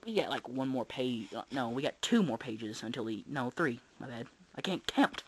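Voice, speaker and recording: A man's voice: mid-range voice, fairly bright tone. A young man casually reading a children's book aloud as host of an online reading series.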